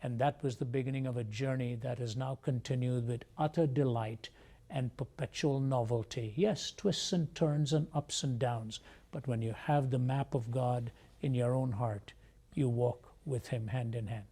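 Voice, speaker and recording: A man from India, a guest on a TV interview show, telling his life story in a measured, earnest way. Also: medium pitch, fairly even intonation, mellow.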